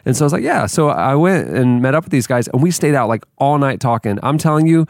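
A man's voice: medium pitch, big pitch swings, fast talker, vocal fry, dry recording, clean studio sound. A man hosting a podcast in a chatty, loose way. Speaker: podcast host. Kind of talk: casual chat.

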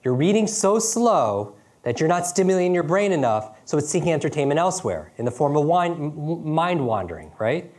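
Brisk man teaching an audience. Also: a little high, big pitch swings, darkish tone. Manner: quick, questioning, keeps asking "right?". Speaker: speaker teaching speed reading. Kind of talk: lively seminar talk to an audience.

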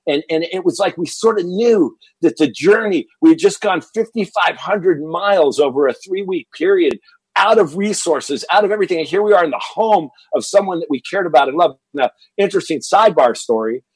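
A middle-aged man from Texas, a guest in an interview, telling stories in an animated way and acting out what people said. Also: sits high, a little fast, husky, no echo, rough recording. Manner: animated storyteller acting out quoted dialogue. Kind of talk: storytelling interview.

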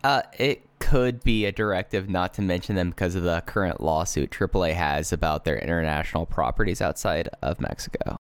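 A man's voice: deep voice, brisk, few pauses, clean tone, no echo. A man in casual podcast chat who argues his point and stumbles on repeated words. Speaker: podcast co-host.

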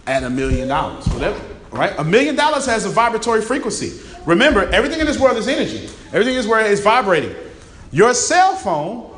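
A raspy-voiced man giving an interactive seminar talk, emphatic, repeating key phrases and quizzing his live audience. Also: high-pitched, a bit bright. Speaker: motivational speaker. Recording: echoey room, faint ambience.

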